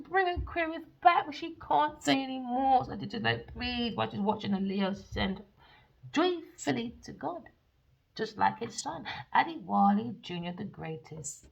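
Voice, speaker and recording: A woman giving a tarot reading in a theatrical, sassy way, cursing freely and calling listeners pet names, jumping between loud outbursts and low mutters. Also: gravelly. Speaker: tarot reader. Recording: dull lo-fi recording.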